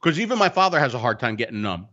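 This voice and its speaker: A man telling a story in a casual podcast chat, animated and profane, acting out the people in it. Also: medium pitch, very fast, lo-fi sound. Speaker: co-host.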